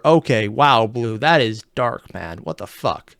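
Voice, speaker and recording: A man's voice: fairly low pitch, expressive, vocal fry, fairly bright tone, no room sound, studio quality. Young man rambling in a reaction video. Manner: rambling, unsure, talks fast in bursts. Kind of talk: casual reaction commentary.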